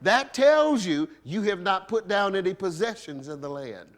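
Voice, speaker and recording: This bishop's sermon is delivered in an animated, high-sitting male voice at a moderate pace. He's chatty and playful, quizzing the congregation with rhetorical questions and laughing between points.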